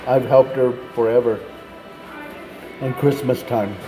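A man's voice: medium pitch, fairly even intonation, slow, over music, close to an everyday voice, poor audio. A man voicing a young male gang leader who talks in casual street slang. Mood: tearful. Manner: casual street talk, says man a lot.

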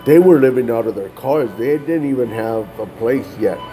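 A man's voice: mid-range voice, moderate pace, warm tone, faint music behind. A man casually telling a personal testimony, loose and conversational, often tossing in "man" and restarting phrases. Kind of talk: casual storytelling.

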